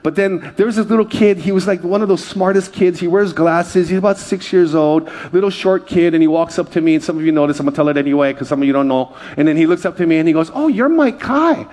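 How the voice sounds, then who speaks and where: A man's voice: a little high, fairly even intonation, quick pace, few pauses, darkish tone. A male pastor preaching a conversational sermon, mixing humor and personal stories and calling out to the congregation. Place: church service.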